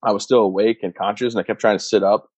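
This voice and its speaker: A man in his thirties, a combat veteran, telling his own story in a steady, matter-of-fact way. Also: on the low side, quick pace, slightly rough, dry recording. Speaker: interview guest, combat veteran. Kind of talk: personal storytelling. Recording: dull muffled sound, dry.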